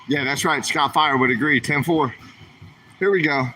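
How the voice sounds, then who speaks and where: A man's voice: a little high, normal speed, sharp tone, a little hiss or hum. Chatty man shopping on a livestream. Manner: chatty, asks his viewers questions. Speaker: vlogger. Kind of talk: livestream vlog while shopping. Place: store aisles.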